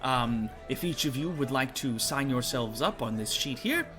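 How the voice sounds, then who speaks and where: A man voicing a fancily dressed male skeleton envoy who talks in a hurried, fussy, welcoming way. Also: mid-range voice, lively intonation, music in the background, natural voice. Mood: fussy eager.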